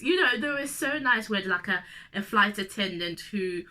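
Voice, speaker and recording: This young Zimbabwean vlogger, who has a cold, speaks at a moderate pace in a mid-range, sharp voice with lively intonation. She tells a personal story to camera, chatty and emotional, addressing the viewer directly.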